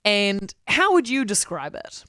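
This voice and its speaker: A woman with a New Zealand accent chats on a radio show, candid and quick to giggle. Her voice is dry and close to the mic, with no room around it. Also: mid-range voice, very animated, bright, forceful tone, dry recording. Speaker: radio co-host. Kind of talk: casual radio chat.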